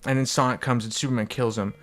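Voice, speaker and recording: A young man spinning an improvised, crude comedy tale for a podcast. He rambles, swears freely and breaks into laughter as he goes, with a steady, middle-pitched voice. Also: quick pace, heavy background noise. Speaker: podcast co-host.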